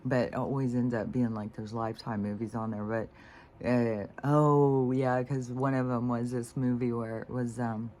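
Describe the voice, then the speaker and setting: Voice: mid-range voice, steady tone, measured pace, slight background noise. A vlogger talking in a casual, meandering monologue, full of fillers and restarts, indignant and swearing, sometimes sinking to a near-whisper. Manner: indignant and disgusted, swearing freely; drops to a soft near-whisper at times.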